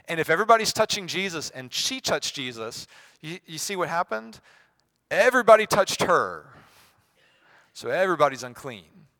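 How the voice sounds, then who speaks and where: A man preaching a sermon, swinging from hushed, soft passages to loud, emphatic ones and acting out quoted voices. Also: on the high side, lively intonation, brisk. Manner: acts out quoted voices with sarcasm.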